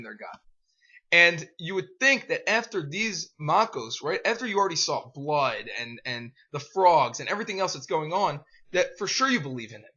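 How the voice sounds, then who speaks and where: A young man with a bright, forceful voice, a touch high for a man, tells an animated story in a casual way, checking in with "right?" as he goes. The recording is dull and lo-fi. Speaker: youth group adviser.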